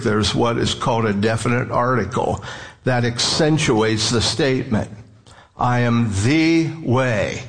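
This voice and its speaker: A male preacher delivering a sermon at an unhurried pace. He sounds earnest and measured, drawing out key phrases for emphasis. His voice sits at a middle pitch for a man.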